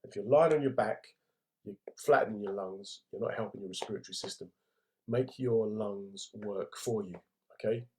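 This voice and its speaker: A man's voice: lowish voice, normal speed, darkish tone, a little hiss or hum. Man, middle-aged, London accent, comedian hosting a livestream, laddish, jokey, chatty. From England. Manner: laddish, jokey, chatty, reads out viewer comments. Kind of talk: casual livestream chat.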